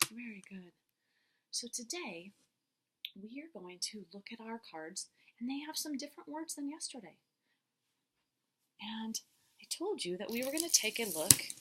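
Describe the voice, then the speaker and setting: Animated woman teacher, slightly high voice, encouraging and breathy, for a children's reading lesson. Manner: encouraging, praising children often.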